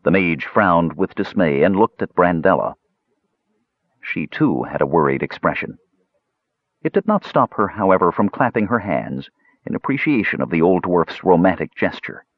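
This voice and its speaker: Male audiobook narrator, fantasy novel, lively pitch, low voice. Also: normal speed, husky, no room sound, lo-fi sound.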